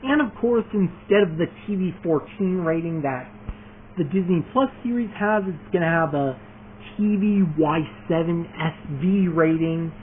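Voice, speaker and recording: A high-voiced man rambles eagerly through a casual vlog. He restarts sentences and leans on fillers. The sound is thin and phone-like, with a faint hiss behind it. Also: normal speed. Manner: eager, keeps adding more points. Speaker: video creator announcing his fan series.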